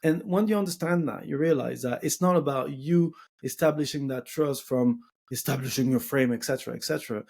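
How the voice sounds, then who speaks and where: A man's voice: mid-range voice, fairly quick, vocal fry, few pauses, darkish tone. A man with a French accent hosting a podcast, talking bluntly and casually with plenty of swearing. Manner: blunt, swearing, acts out quotes in shifting voices. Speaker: podcast host.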